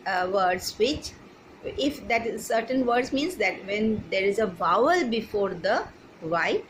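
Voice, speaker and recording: A woman's voice: a little high, fairly bright tone, a little hiss or hum, rough recording. A woman teaching English grammar to children, spelling words out letter by letter and checking that they follow.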